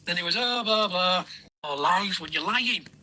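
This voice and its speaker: High, lively, bright-voiced man teasing. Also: normal speed. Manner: teasing, sarcastic. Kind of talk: mocking commentary in a played video.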